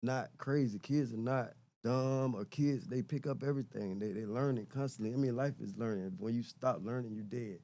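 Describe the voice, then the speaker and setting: A man's voice: mid-range voice, moderate pace, few pauses, warm tone. A middle-aged man and podcast guest talking casually and reflectively, often repeating words as he searches for them. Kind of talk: casual conversation.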